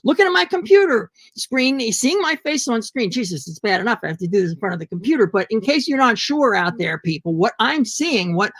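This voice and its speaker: A man's voice: high voice, expressive, a little fast, hardly any pauses, fairly bright tone, no echo. A man performing an agitated, profane comic rant alone at home into his laptop on a video call. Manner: agitated, profane, ranting to the camera. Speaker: monologue performer.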